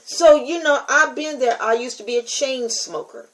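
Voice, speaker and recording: On a low-quality recording, an older woman from the U.S. who preaches and hosts her own podcast talks straight to her listeners. Her high-pitched, fairly bright voice keeps a moderate pace as she testifies emphatically and repeats herself in this casual monologue.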